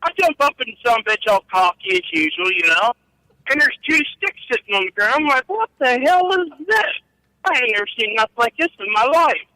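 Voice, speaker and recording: Animated and quick, a middle-aged man's high, pushed, bright voice carries his meandering, profane tales of life as a trucker, and he keeps laughing at them himself. He's a guest storyteller chatting casually. The audio is poor and dry.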